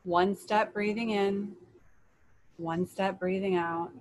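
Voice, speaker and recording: A woman reads a children's story aloud, gentle and soothing, with a mid-range voice. A faint hum of room noise sits underneath. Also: medium pitch, fairly even intonation, takes it slowly, low-quality recording. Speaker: children's story and meditation leader. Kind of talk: storybook reading.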